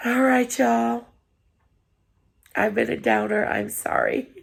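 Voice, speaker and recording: Tearful woman with a gravelly, husky voice. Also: a little high, flat delivery, measured pace. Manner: earnest, apologetic, encouraging. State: tearful after crying. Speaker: vlogger. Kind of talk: heartfelt personal vlog talk.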